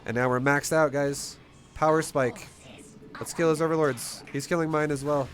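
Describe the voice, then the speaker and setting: Blunt, energetic man coaching a strategy game. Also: a little high, normal speed, slight background noise. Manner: energetic, blunt, swears casually. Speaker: gameplay coach. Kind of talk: casual live game commentary and teaching.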